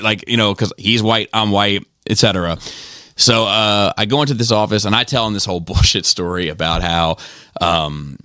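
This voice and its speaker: A middle-aged man from Maryland, hosting a podcast and telling a profane, animated story with quoted voices. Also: on the low side, moderate pace, smooth, no room sound, studio quality. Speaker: podcast host. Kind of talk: casual storytelling.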